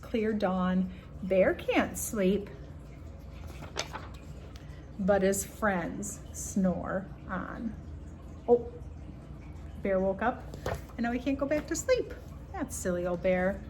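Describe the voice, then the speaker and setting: A woman's voice: medium pitch, slow, long pauses, noisy background. A woman reading a picture book aloud in a rhythmic, playful way. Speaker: storybook reader.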